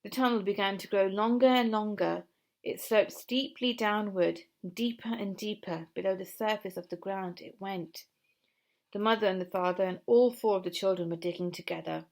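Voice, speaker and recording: A woman reading a children's story aloud in a gentle, expressive way, with asides to a puppet. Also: mid-range voice, gravelly.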